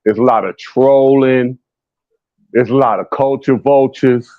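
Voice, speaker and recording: A man talking slowly and emphatically in street slang during a heated podcast argument. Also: mid-range voice, fairly even intonation, no echo. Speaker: podcast guest. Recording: dull lo-fi sound.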